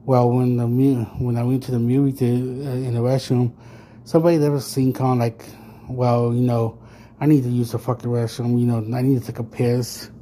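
A man in his thirties telling a story on his podcast in a casual rant. He swears constantly, rambles with lots of fillers and turns loud and heated when he gets worked up. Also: mid-range voice, level tone, normal speed, slight background noise. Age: 30s. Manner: profane, rambling, full of fillers. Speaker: podcast host.

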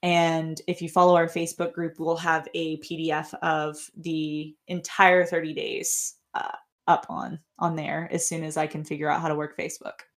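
Woman podcast co-host, low gravelly voice, chatty and loose. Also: flat delivery, moderate pace. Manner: rambling, restarts, laughs often. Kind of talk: casual podcast chat.

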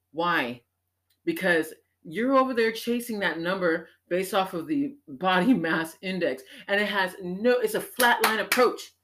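A woman hosting a show, talking in an animated, emphatic personal monologue that swings up into exclamations. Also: on the low side. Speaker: podcast host.

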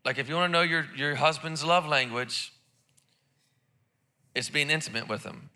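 Here a male pastor delivers a sermon during church, joking around informally and often repeating words or starting over. He talks at normal speed in a voice on the high side, pushed and bright.

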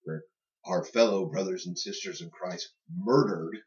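A man's voice: sits low, big pitch swings, a little slow, a crowd in the background. A man co-hosting a podcast, chatting casually and joking about faith and government. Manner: joking, puts on silly party voices. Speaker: podcast co-host. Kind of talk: casual chat. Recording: distant, muffled lo-fi sound.

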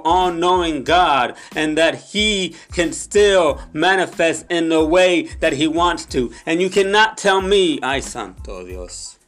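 A young man with a slightly high voice preaches with fervor, hammering repeated phrases at his listeners. Now and then he sinks into a soft, hushed prayer. Faint music plays underneath. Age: young adult. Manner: impassioned, repeats phrases, addresses audience often; drops to soft low prayer in Spanish. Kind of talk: sermon.

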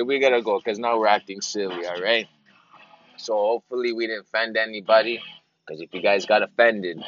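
A man's voice: lowish voice, a bit bright, lo-fi sound. A man hosting a podcast in a rambling casual monologue, repeating himself and wandering between stories. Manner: meandering, repeats phrases, slips into silly greeter voices. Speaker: podcast host.

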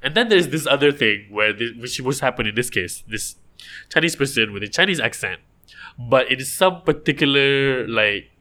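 A man's voice: mid-range voice, animated, moderate pace, bright, forceful tone. A man, chatting casually and animatedly as a podcast co-host, often restarting his sentences. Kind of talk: casual chat.

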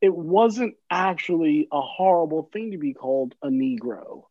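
A man's voice: fairly high pitch, expressive, normal speed, a little mellow, dry recording, highs cut off. A man in casual podcast conversation, rambling and searching for words, swearing at times. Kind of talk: casual chat.

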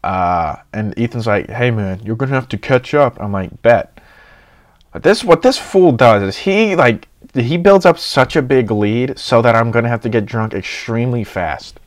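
A young man casually telling a party story, excitable and swearing often, acting out his friends' lines. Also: mid-range voice, a little slow.

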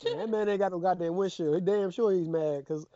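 A man co-hosting a casual show recap, joking in an animated, excitable way. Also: sits high, brisk, dry recording, muffled recording. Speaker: co-host.

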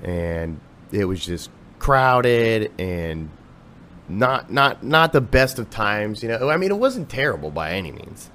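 Casual male guest from Ohio, low voice, swears freely, rambles through stories. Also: big pitch swings, slow pace, a bit bright, slight background noise. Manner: profane, rambling storyteller. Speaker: podcast guest, musician. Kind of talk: casual chat.

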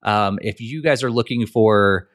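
A man's voice: lowish voice, measured pace, a bit bright. A man hosting a podcast, chatting casually, rambling with fillers before asking his co-host questions. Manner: rambling, many fillers and restarts, asks questions.

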